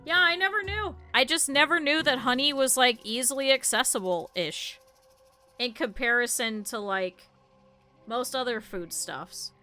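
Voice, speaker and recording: A woman's voice: sits high, lively intonation, unhurried, pushed and bright, faint music behind. A young adult woman streaming a game, chatting casually and rambling through stories with lots of laughter. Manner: rambling storyteller, laughs a lot. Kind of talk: casual chat while gaming.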